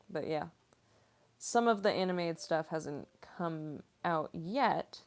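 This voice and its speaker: A young woman voice actress answering viewer questions on her stream, talking slowly and easily with plenty of "like" and a giggle never far off. Her voice sits a bit low for a woman. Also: vocal fry, darkish tone. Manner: chatty, giggly, heavy on "like". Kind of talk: casual livestream Q&A.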